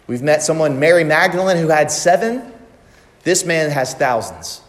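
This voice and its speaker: A man preaching a sermon in a church, emphatic and repeating phrases for effect. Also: a little high. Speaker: pastor. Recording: long reverb of a large hall.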